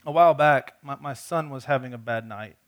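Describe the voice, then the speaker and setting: A man's voice: medium pitch, fairly quick. A man preaching a conversational sermon, telling a personal story earnestly and often repeating words as he restarts his sentences. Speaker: pastor.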